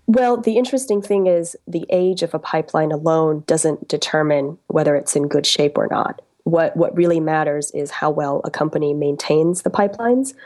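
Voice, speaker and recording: Low-voiced woman reporter explaining her work. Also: darkish tone. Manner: thoughtful, with frequent um and uh. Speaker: reporter being interviewed. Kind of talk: radio interview answers.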